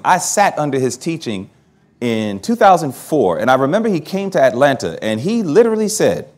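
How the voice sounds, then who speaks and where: A man's voice: medium pitch, darkish tone. A man pastor preaching a sermon, telling his own story with humor and laughing at himself. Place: church hall at a camp meeting.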